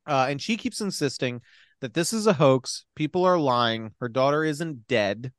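A man's voice: mid-range voice, lively intonation, normal speed, dry recording, studio quality. A young man in casual chat, animatedly retelling a film's plot, acting out the characters' lines, swearing and laughing. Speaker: podcast co-host recapping a film.

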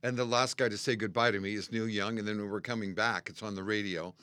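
Older Canadian man telling lively stories. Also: on the low side, fast talker, no room sound. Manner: animated storyteller, acts out quotes and sings snippets. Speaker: musician guest. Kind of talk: casual storytelling chat. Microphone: studio mic.

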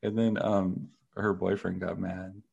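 A man's voice: low voice, measured pace, gravelly, breathy edge, muffled recording. A man co-hosting a podcast, telling stories in casual, profane chat and jumping into exaggerated voices for the people he quotes. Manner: animated storyteller, swings into exaggerated quoted voices. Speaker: podcast co-host.

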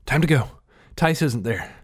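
A man's voice: mid-range voice, lively intonation, measured pace, slightly rough, pitched above the performer's own voice. A man voicing a cheeky, scrappy young boy thief in an audiobook story. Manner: cheeky, snappish.

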